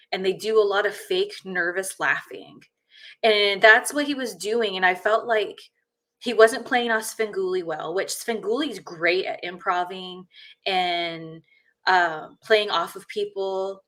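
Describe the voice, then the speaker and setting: Woman podcast host, mid-pitched, blunt and rambling, loose casual chat. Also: a little slow, fairly bright tone. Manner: blunt, rambling, many fillers.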